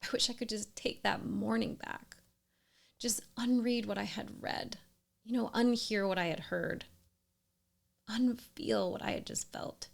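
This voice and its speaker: A woman in her thirties telling her own story in scripted narration, earnest and emphatic, sometimes dropping to a soft whisper. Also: medium pitch, fairly even intonation, unhurried, gravelly. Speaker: storyteller sharing a personal experience.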